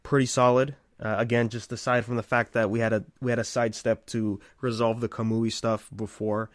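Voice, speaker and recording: A man co-hosting a casual podcast, talking in a relaxed, rambling way with lots of fillers. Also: medium pitch, brisk, no room sound, clean studio sound. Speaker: podcast co-host.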